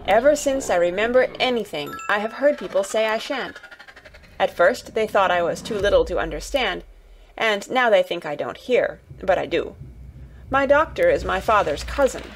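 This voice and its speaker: A woman's voice: mid-range voice, animated, normal speed, a little hiss or hum, close to an everyday voice, rough recording. A woman voicing a sickly, spoiled boy who speaks in a cool, indifferent, commanding way, read from a storybook. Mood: flat. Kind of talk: storybook reading.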